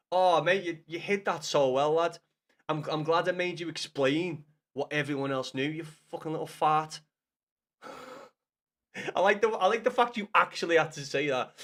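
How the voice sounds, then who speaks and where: A man's voice: fairly high pitch, fairly bright tone. A man chatting with his live-stream viewers, full of banter and swearing, repeating himself and calling them lad and mate. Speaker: streamer reading chat.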